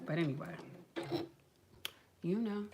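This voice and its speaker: A woman from the northern US hosting a casual sewing livestream, chatting in a rambling, animated way and calling her viewers y'all and child. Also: lowish voice, slow pace, gravelly, noisy background. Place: home sewing room.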